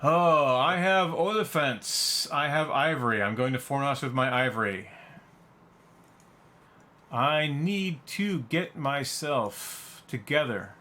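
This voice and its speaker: Bright, excitable man hosting a game chat. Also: mid-range voice, takes it slowly. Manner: excitable, swears freely, gushes loudly. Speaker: host and board game player. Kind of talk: casual chat while playing an online game.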